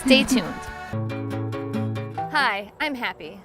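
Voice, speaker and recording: Peppy mom-type host, kinda high voice, upbeat, light music in the back. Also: female voice, animated, extremely slow. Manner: bubbly and enthusiastic. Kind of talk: upbeat show hosting and interviewing.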